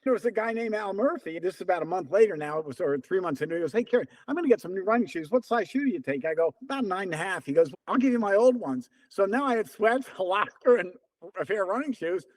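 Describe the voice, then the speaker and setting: Here a veteran distance runner near seventy shares stories as a guest in an interview, talking fast in a high-pitched voice. He's animated and conversational, reenacting remembered dialogue in quotes.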